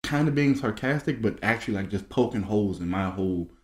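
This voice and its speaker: A man's voice: on the low side, animated, fairly quick. A young man from Maryland co-hosting a casual chat and telling stories, acting out what people said. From Maryland, USA. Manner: storytelling, acts out quoted dialogue. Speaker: podcast co-host. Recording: echoey room.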